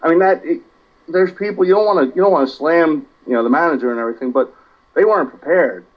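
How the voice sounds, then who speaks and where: Male caller, profane and animated, slightly high voice, dull lo-fi line. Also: fast. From South Jersey, USA. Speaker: regular caller. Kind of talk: casual podcast chat.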